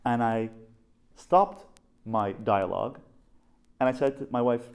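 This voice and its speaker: Animated storytelling rabbi, man in his fifties. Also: mid-range voice, vocal fry, smooth. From Canada. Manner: animated storyteller, slows to stress key phrases. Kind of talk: teaching a class.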